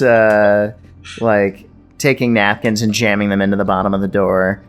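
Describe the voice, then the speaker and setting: Man, game master, lowish voice, hesitant narration, faint music behind. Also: level tone, moderate pace. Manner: loose, hesitant narration with fillers.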